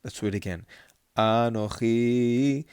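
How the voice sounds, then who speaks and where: A middle-aged man teaching Torah cantillation, chanting verses slowly and then explaining them patiently, asking the listener to repeat after him. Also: on the low side, darkish tone, no room sound. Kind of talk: chanting lesson with call-and-repeat.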